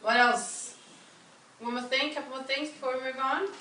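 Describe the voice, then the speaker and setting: A woman's voice: high-pitched, steady tone, moderate pace, bright, forceful tone. A woman coaching a group through a workshop lesson, upbeat and encouraging, often turning questions to the room. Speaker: wellness coach leading a workshop. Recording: roomy, from a distance, faint background hum.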